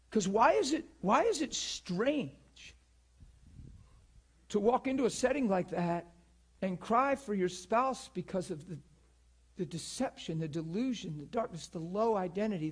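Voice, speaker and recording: A man in his forties preaches a passionate sermon with a high, husky voice. He fires off rhetorical questions and acts out what people say.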